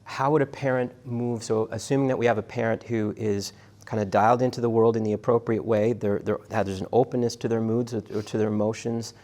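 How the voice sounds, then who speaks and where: A middle-aged man with a low, gravelly voice gives a university lecture. He talks in a halting, conversational way, full of restarts and fillers, and often turns to ask his students questions. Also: little pitch movement, darkish tone.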